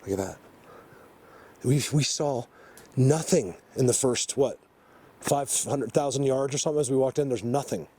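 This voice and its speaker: A man hosting an outdoor vlog, rambling excitedly with many fillers as he walks through a mountain forest. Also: medium pitch, normal speed, pauses often, husky. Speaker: vlog host exploring the outdoors. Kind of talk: casual walking vlog commentary.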